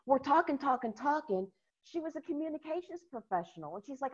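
A woman's voice: high-pitched, brisk. American woman telling stories on a call, laughs a lot, kinda muffled sound. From United States. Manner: animated, laughs often while telling stories. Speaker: guest. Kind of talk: casual interview storytelling.

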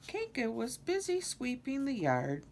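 An older woman reads a children's picture book aloud at an unhurried pace. Her pitch swings widely as she tells the story. Faint background noise sits under her voice. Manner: slow, expressive reading with many character voices. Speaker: storybook reader.

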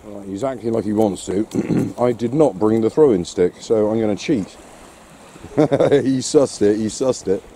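A man's voice: fairly low pitch, measured pace, warm tone, slight background noise. Dry-witted man walking his dog. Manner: dry, wry remarks, often talking to his dog. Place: outdoors on a wet shore and woods.

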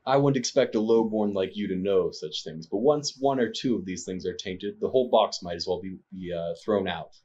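A sneering nobleman with a husky, low voice, as a game master puts him on. He is condescending and scornful, and he speaks through a muffled, lo-fi mic. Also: normal speed, hardly any pauses, dark tone. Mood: haughty. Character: haughty snobbish male nobleman.

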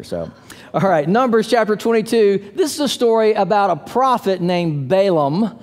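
A man preaching a sermon as pastor, telling stories in an animated, playful way with little voices for the characters. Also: high voice. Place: church sanctuary. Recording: long hall reverb.

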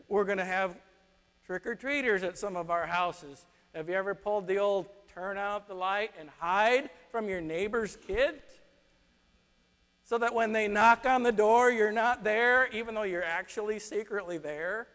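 A man preaching a sermon, telling stories with lively acted-out quotes. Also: high-pitched, normal speed, clean tone. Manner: animated storytelling, acts out quotes. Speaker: pastor. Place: church sanctuary. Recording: long reverb of a church hall.

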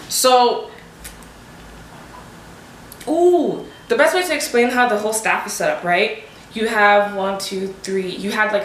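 A young woman telling a storytime vlog, animated and emphatic, firing off rhetorical questions, on a desk microphone at home. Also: a little high, normal speed, a little hiss or hum. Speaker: vlogger. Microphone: desk USB microphone. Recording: roomy echo.

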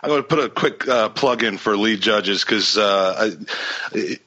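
A man's voice: fairly low pitch, unhurried, bright, forceful tone, highs cut off. A man hosting a podcast, asking enthusiastic, rambling questions full of restarts. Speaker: podcast host. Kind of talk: casual interview chat.

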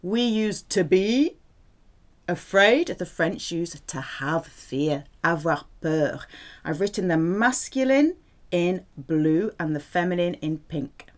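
A woman's voice: fairly low pitch, lively intonation, slow pace. A woman teaching French vocabulary, speaking patiently and repeating words with careful pronunciation. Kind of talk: vocabulary lesson.

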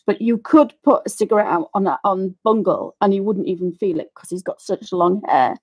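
A woman's voice: medium pitch, a little mellow, slightly rough. A middle-aged woman chatting and rambling while demonstrating colouring, often apologising for her tangents. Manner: rambling, apologetic, ranting asides. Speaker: craft tutorial host.

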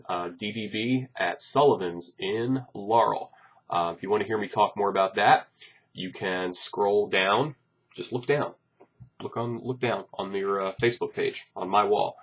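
A bassist talks casually to his fans in a low, slightly husky voice, rambling through his plans with jokes and plenty of ums. The recording is dull and lo-fi, with muffled highs. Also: steady tone, measured pace. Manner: rambling, joking, many fillers. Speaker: bassist announcing gigs. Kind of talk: casual chat to camera.

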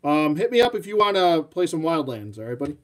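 A man chats casually while showing off toys on a live stream. His pitch jumps about a lot and sits a little high. He rambles, jokes at his own expense and talks to his dog. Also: sing-song, fast. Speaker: toy collector host. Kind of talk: live toy showcase chat.

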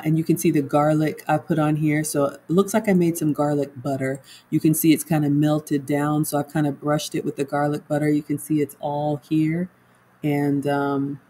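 On a roughly recorded livestream with a little hiss or hum, a woman home cook with a low, warm voice chats casually. She walks viewers through her cooking and reads their comments aloud.

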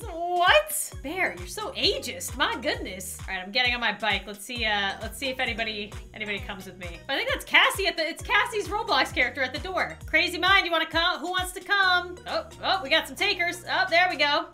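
A woman hosting a gaming video. Her voice is high and bright, and it swings widely in pitch. She keeps up playful, sarcastic commentary and reads the game's dialogue aloud. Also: brisk, faint music behind. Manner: expressive, sarcastic, reads game text aloud. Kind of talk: playful let's-play commentary.

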